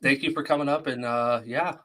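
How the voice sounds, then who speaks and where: A man of ordinary pitch hosting a live stream in relaxed, casual chat. He talks easily with his guests and thanks viewers as he goes. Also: a little fast.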